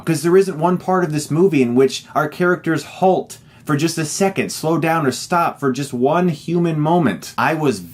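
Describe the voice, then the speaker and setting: A man reviewing a film with an emphatic, exasperated delivery. His speaking voice sits a little high for a man. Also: normal speed, few pauses. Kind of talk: online movie review.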